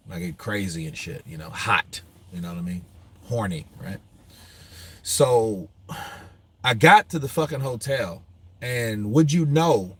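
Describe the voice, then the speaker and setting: A man's voice: medium pitch, a bit bright. Loose, profane male boxing show host. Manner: loose, profane storytelling with frequent laughs. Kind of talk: casual live-stream chat.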